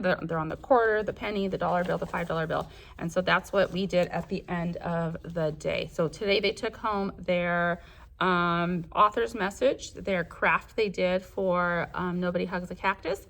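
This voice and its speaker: A woman's voice: fairly low pitch, fairly bright tone. A young adult woman, a first grade teacher from Southern California, talking casually through her school day in a vlog, rambling as she lists her plans. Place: classroom.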